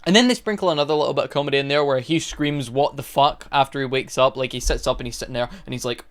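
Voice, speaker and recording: A man's voice: mid-range voice, very fast, fairly bright tone, clear, resonant tone. A young man casually retelling a movie's plot for a review, rambling along with restarts and fillers. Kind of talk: casual spoken film review.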